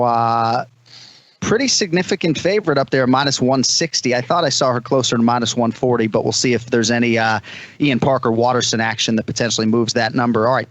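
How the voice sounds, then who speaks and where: A man with a Boston accent hosts a fight-preview podcast. He reels off records and betting lines in a brisk, stat-heavy way before throwing each matchup to his guests. His pitch sits in an ordinary middle range. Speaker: podcast host. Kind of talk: fight preview, reading odds.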